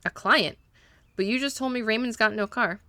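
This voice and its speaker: A woman's voice: fairly high pitch, normal speed, bright, forceful tone, no echo. A woman voicing a persistent male detective who asks blunt questions. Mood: probing.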